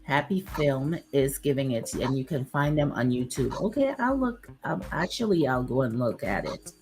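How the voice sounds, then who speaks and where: A woman's voice: a bass voice, lively intonation, normal speed, a little mellow, faint music behind, rough recording. A woman hosting a casual livestream, chatting with viewers and reading aloud with many fillers, her voice a bit worn. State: losing her voice. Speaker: YouTube livestream host.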